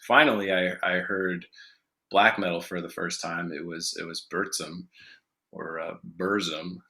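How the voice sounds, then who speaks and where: A man's voice: deep voice, level tone, moderate pace, bright, forceful tone. An American man, a musician guest in an interview, answering in a loose, rambling way with many fillers and restarts. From United States.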